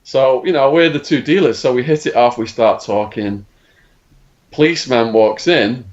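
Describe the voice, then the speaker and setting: A man's voice: mid-range voice, normal speed, dull audio. A middle-aged English man, a podcast guest, telling a dramatic story and acting out other people's lines. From England. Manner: animated storyteller acting out quotes. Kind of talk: storytelling interview.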